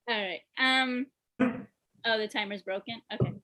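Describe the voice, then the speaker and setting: A woman's voice: fairly high pitch, slow pace, fairly bright tone. A young woman doing a stand-up set over a video call from home, giggling through her own punchlines. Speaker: stand-up comedian.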